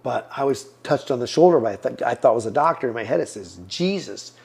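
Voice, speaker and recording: This fifties-aged man is a guest on a podcast, sharing a heartfelt personal testimony and voicing the remarks others made to him. He sounds animated and quick, with a mid-range voice and some vocal fry.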